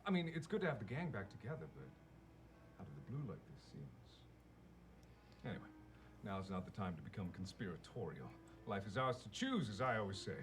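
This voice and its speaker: An actor playing a flamboyant wealthy host who speaks in a grand, theatrical, slightly formal way in a comedic mystery film. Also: male voice, fairly low pitch, sing-song, fairly quick, pauses often, a little hiss or hum. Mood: jovial. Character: suave, flamboyant wealthy male party host.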